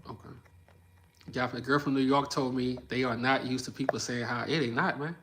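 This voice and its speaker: Speaking at a medium pitch and a fairly quick clip, this young livestream host has a New Orleans Southern accent. He's casual and chatty, responding to comments and spinning lively stories with plenty of laughter. There's slight background noise.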